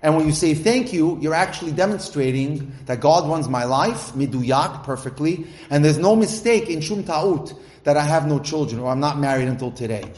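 A man giving a religious inspirational talk, reading Hebrew passages and translating them line by line in a lively storytelling manner. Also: a little high. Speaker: lecturer. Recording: echoey room with faint noise.

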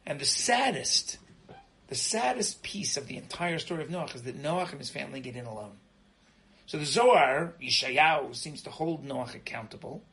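A middle-aged man teaching an informal Torah lesson as a rabbi. He is animated, repeats words as he starts sentences and keeps asking "right?". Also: medium pitch, normal speed, poor audio. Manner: animated, frequently asks "right?".

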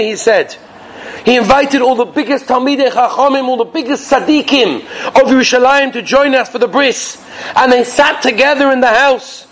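A man teaching in a yeshiva, giving a sermon full of stories, animated and dramatic, sprinkling Yiddish and Hebrew words. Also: very high voice, normal speed, low-quality recording. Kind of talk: sermon with storytelling.

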